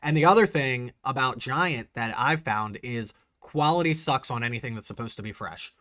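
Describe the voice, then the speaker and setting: A man hosting a casual livestream, chatting excitedly and answering viewers' messages. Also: medium pitch, normal speed, no echo, studio quality. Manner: chatty, reads and answers live chat, excitable. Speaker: bourbon channel host.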